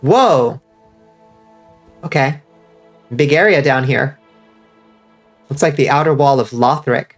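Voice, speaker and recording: A man with a congested, stuffy voice giving casual, excitable commentary while playing a game and reading chat. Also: medium pitch, slow, pauses often, soft background music. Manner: excitable, swears freely, reads out chat. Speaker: streamer.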